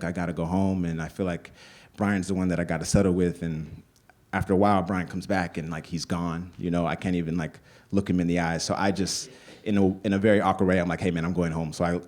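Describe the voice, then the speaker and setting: Deep-voiced man telling a story live. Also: darkish tone. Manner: conversational, full of "like" fillers.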